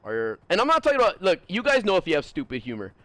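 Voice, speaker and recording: A young man chats on his livestream in a higher-than-usual voice that swings widely up and down. He is blunt and profane and rambles through his thoughts with a steady stream of fillers. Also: fast, no echo. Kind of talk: casual livestream chat.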